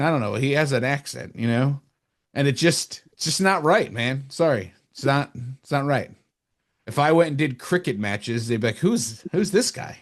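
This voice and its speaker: A man from New Jersey co-hosting a sports podcast, talking casually and fast. He rambles and gets animated, his voice leaping up when he mocks someone. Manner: animated, rambling, jumps up in pitch when mocking. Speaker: podcast co-host.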